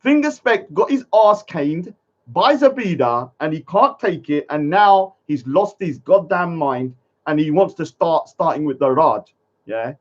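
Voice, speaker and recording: An indignant young man rants heatedly to his live-stream viewers, repeating himself and checking in with "yeah?". His voice sits high, and the stream audio is muffled and lo-fi. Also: animated, measured pace.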